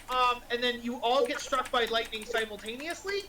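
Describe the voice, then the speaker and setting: A woman's voice: fairly high pitch, normal speed, few pauses, sharp tone, distant mic, a little hiss or hum, low-quality recording. A woman narrating as dungeon master over a voice call, casual and full of fillers. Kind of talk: narrating a tabletop game.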